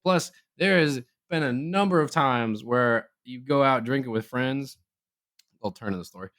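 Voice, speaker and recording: A young man chatting on a podcast, spinning a story in a relaxed, everyday voice. He keeps leaping up in pitch to act out the people he quotes, then drops back down to his normal tone. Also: moderate pace. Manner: animated, acts out quoted voices with jumps in pitch. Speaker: podcast co-host. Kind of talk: casual storytelling chat.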